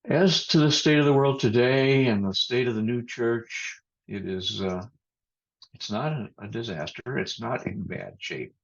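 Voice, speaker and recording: A man giving a thoughtful sermon as pastor over a video call, speaking in a measured way with pauses and restarts. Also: mid-range voice, vocal fry. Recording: muffled video-call audio.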